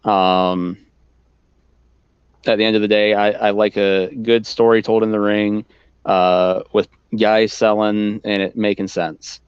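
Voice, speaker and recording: Laid-back podcast co-host, man, low smooth voice, dry muffled recording. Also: flat delivery, slow pace, no room sound. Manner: laid-back, swears casually, uses filler words. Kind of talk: casual chat.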